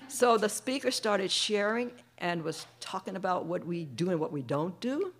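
A middle-aged woman sharing her personal testimony with a recovery group, an animated storyteller who acts out the voices of the people in her story. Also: mid-range voice, normal speed. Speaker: speaker sharing at a recovery meeting.

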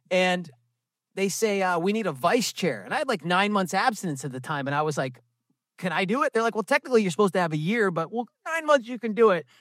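A man sharing his recovery testimony at a meeting, telling it as an animated story with self-mocking asides and quick impressions of other people. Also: sits high, no room sound, studio quality. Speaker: recovery program speaker. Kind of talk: personal testimony talk.

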